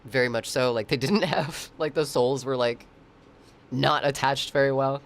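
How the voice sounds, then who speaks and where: A man's voice: mid-range voice, fairly even intonation, normal speed. A man streaming and chatting casually with viewers, rambling, swearing freely and laughing often. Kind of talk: casual chat.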